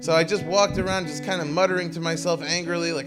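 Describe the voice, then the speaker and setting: A man's voice: on the high side, steady tone, quick pace, hardly any pauses, loud music behind the voice. A man telling a rambling, self-mocking comic story on stage before a live audience.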